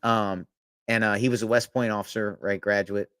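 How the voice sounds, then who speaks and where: This man sits at a podcast mic and spins long, meandering anecdotes, stumbling over restarts and breaking into laughter. His voice sits on the low side and sounds close and dry. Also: fairly even intonation, normal speed, fairly bright tone, smooth, no room sound. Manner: rambling anecdotes with frequent laughs and profanity. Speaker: podcast co-host. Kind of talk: casual storytelling chat.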